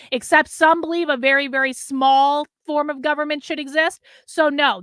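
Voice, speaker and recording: A woman's voice: high voice, a bit bright, dry recording. A woman hosting a livestream, reacting to clips and reading viewer messages in a blunt, profane, emphatic way. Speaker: host.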